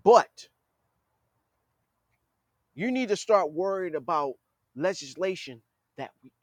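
Speaking slowly in a high, expressive voice, a male podcast host delivers a blunt political monologue, directly scolding leaders as if they could hear him. The recording is dry.

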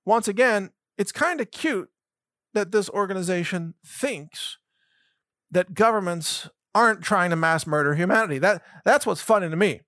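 A man hosts a commentary show in a slightly higher-than-usual voice. He reads news aloud and breaks in with sarcastic, mocking asides, often laughing at his own points. The sound is close and dry, with no room around it. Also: animated, moderate pace, bright, forceful tone, no echo. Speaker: show host.

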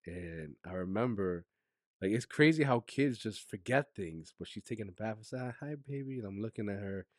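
Male podcast guest, lowish pitch, dry close sound; candid, emotional storyteller who goes soft and quiet on hard memories, slangy. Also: expressive, moderate pace, dry recording. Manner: emotional, drops to a soft low voice when recounting hard moments; casual slang-heavy speech.

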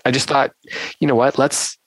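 A man's voice: medium pitch, moderate pace, no echo. A man hosting a book podcast, talking casually and chattily with frequent restarts. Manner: relaxed, chatty, rambling with restarts. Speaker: podcast host.

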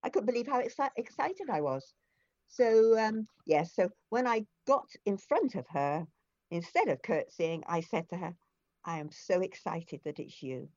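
A woman's voice: lowish voice, lively intonation, moderate pace, darkish tone, dry recording, lo-fi sound. An older woman, a guest in an interview, telling stories in a chatty way and often restarting her sentences. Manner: chatty storyteller with frequent restarts and fillers. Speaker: interview guest, former foster carer. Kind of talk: conversational interview.

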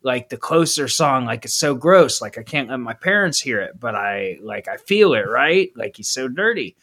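Podcast guest, man from Ohio, forties, bright tone, animated storyteller. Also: mid-range voice, moderate pace. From Ohio, USA. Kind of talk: casual storytelling.

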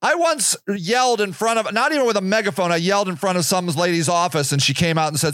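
Fiery, ranting man with a bright voice. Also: high-pitched, brisk, hardly any pauses, no room sound, clean studio sound. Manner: ranting, shouting rhetorical questions. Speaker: podcast host and activist. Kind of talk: impassioned monologue.

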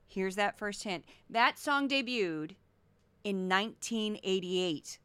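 A woman in her forties from Missouri hosts a solo commentary podcast. She talks in an animated, sarcastic, goofy way. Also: mid-range voice, takes it slowly, clean tone, dry recording. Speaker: podcast host.

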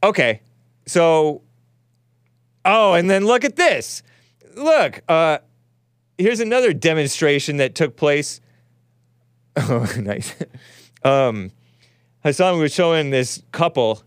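Chuckling man with a lively, swinging pitch. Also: takes it slowly, long pauses, clean tone, no echo, clean studio sound. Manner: wry, chuckling, rambling reaction to footage. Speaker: host. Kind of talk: casual live-stream commentary.

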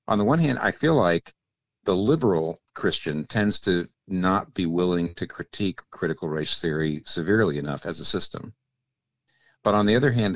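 A man appears as a theologian guest in an interview, explaining ideas in a measured, teacherly way and often slipping into quiet asides. His voice is lowish, and the muffled recording has no echo.

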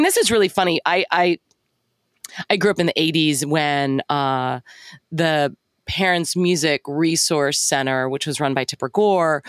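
A woman's voice: sits low, fairly bright tone, no echo, studio quality. A woman in her forties co-hosting a podcast, musing thoughtfully in a casual chat. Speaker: podcast co-host.

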